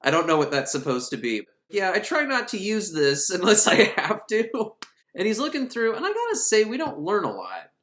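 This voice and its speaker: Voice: mid-range voice, huge pitch swings, normal speed, fairly bright tone, roomy sound. A film reviewer recapping a movie in a casual, sarcastic, comedic way, often laughing.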